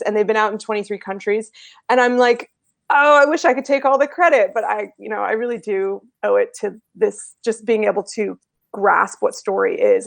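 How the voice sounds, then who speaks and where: A woman's voice: medium pitch, gravelly, dry recording. A woman speaking as a guest author in an interview, chatty and self-deprecating. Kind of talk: casual interview answers.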